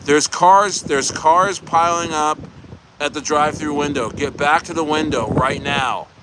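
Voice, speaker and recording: A man putting on a bossy fast-food shift manager who scolds and barks orders in a raised voice, with loud wind outdoors. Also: on the high side, lightly acted. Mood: scolding. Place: outdoors at a beach.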